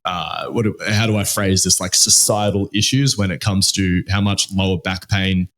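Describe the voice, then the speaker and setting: A man's voice: sits low, fairly even intonation, moderate pace, a bit bright. An Australian man co-hosting a podcast in loose, casual chat, swearing freely and full of fillers and restarts. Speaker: podcast co-host.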